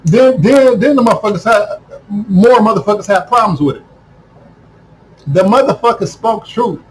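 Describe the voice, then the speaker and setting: A man delivering a heated, profane monologue to camera, repeating himself and breaking into shouts. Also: sits high, lively intonation, moderate pace, low-quality recording. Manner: heated, repetitive, swears constantly, bursts into shouting. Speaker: video commentator.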